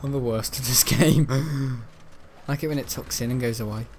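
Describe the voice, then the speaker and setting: A man's voice: mid-range voice, moderate pace, a little hiss or hum. A man giving rambling, jokey commentary over a video game, often breaking into giggles. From north-west England. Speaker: gaming channel host. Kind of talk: casual gameplay commentary.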